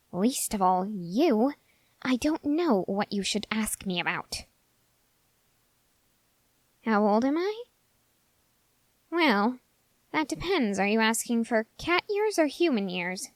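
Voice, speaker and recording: A woman's voice: a little high, no echo. A woman voicing a dry, sarcastic young male cat-hybrid in a whispered role-play, mildly scolding yet caring. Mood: teasing.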